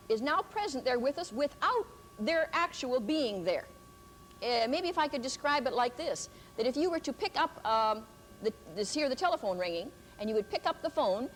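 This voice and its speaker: An older woman giving a Christian teaching talk, telling a personal story earnestly, with pauses and restarts. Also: on the high side, a little hiss or hum, rough recording.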